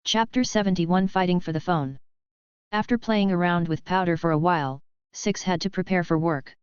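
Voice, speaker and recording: Female narrator, low smooth voice, even storybook reading, dry muffled recording. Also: moderate pace, no echo. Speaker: audiobook narrator. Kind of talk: scripted narration.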